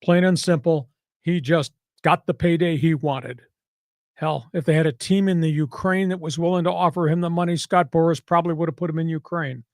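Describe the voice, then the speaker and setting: A man's voice: fairly high pitch, vocal fry, darkish tone, dry recording, clean studio sound. A man hosting a sports talk podcast in a casual, brash and sarcastic way, with punchy delivery.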